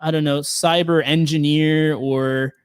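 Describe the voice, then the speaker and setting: Smooth-voiced man explaining at length. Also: a little high, flat delivery, a little slow, dry recording, studio quality. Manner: explains at length with many fillers and restarts. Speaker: penetration tester, guest. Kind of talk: casual podcast conversation.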